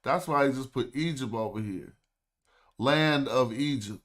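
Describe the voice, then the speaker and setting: A man speaks in at a mid pitch, hosting his own livestream in a loose, casual way. He thinks aloud as he reads, sounding out words slowly and drawing them out. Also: a bit bright. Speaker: livestream host. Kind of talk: casual livestream study talk.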